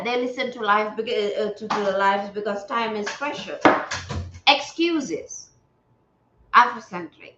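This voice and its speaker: A Gambian woman hosts a spiritual livestream in a fairly bright, high-ish voice, talking casually yet earnestly and preachily, repeating phrases for emphasis. The recording sounds roomy, dull, and lo-fi.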